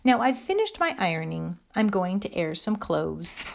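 A woman's voice: on the low side, big pitch swings, moderate pace, gravelly, slight background noise. A woman voicing a stout, anxious hedgehog washerwoman in a storybook reading, chatty and deferential. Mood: polite, fussy. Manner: bobbing, deferential, chatty about the washing.

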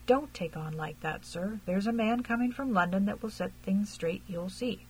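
A woman reading aloud and voicing a respectful, quiet country constable who reassures a gentleman, in an audiobook. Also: mid-range voice, normal speed, slightly rough, close to an everyday voice, poor audio. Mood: reassuring. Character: deferential rural male constable.

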